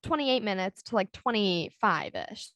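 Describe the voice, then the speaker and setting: Young adult woman, podcast co-host, mid-pitched, chatty and rambling, dry close sound. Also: expressive, fairly bright tone, no echo. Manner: rambling storytelling full of "like" and "um", quick laughs. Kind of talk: casual chat.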